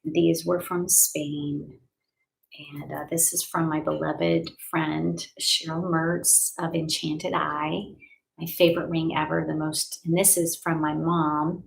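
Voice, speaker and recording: Gravelly-voiced woman leading a healing. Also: sits low, little pitch movement, slow, rough recording. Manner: soothing, affirmation-led guidance with sighs and breath cues. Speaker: healer and life coach. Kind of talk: live healing session. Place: home.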